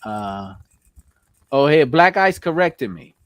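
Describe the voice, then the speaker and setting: A man with a New York accent hosting a casual live stream, giving shout-outs to viewers and laughing often. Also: medium pitch, sing-song, slow, no echo. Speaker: host.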